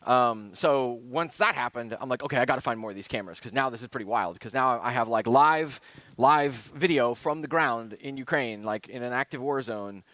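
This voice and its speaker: A man's voice: medium pitch, moderate pace, fairly bright tone, no room sound. A man giving a casual conference talk, rambling and chatty, with many fillers like "uh" and "like". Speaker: conference speaker.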